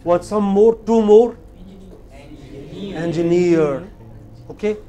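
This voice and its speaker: A man's voice: high voice, fast talker, darkish tone. A male English teacher with an Indian English accent, running a classroom lesson and repeatedly asking students for more examples.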